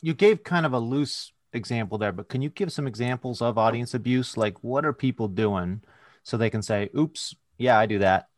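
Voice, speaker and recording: A man's voice: mid-range voice, normal speed, no room sound, clean studio sound. A male podcast host asking questions and cracking wry jokes in casual conversation. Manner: joking, asks questions, wry.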